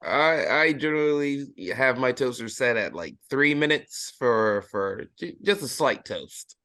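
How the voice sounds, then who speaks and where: A man hosting a casual podcast chat, joking and laughing easily, often trailing off quietly at the end of a thought. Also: mid-range voice, animated, measured pace, dry recording, studio quality. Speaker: podcast host.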